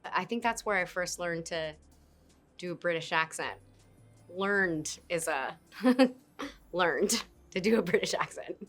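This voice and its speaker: A woman in her thirties, an actress, talking casually and playfully in an interview, with giggles and quick asides. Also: lowish voice. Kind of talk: casual interview talk to camera. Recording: faint music behind.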